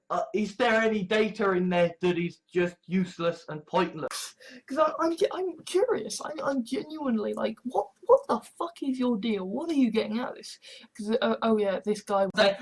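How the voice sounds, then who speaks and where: A woman's voice: a little high, lively intonation, moderate pace. A woman from England talking in a rambling, profane monologue full of restarts and swearing. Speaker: vlogger.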